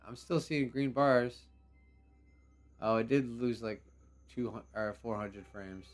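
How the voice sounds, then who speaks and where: Slow and steady in tone, a medium-pitched male voice belongs to a young livestream host playing a game. He laughs, rambles, and uses slang in an easygoing, casual way, with faint music in the background.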